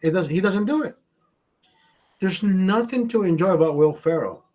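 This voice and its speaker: A man's voice: sits high, expressive, normal speed, a little mellow. A man hosting a casual livestream, rambling and swearing constantly while chatting with viewers. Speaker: livestream host. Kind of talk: casual profane livestream chat. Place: home setup in California.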